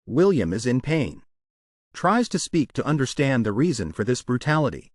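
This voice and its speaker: Male narrator, mid pitch, animated contour, dry close sound; recap storytelling. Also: moderate pace, no echo.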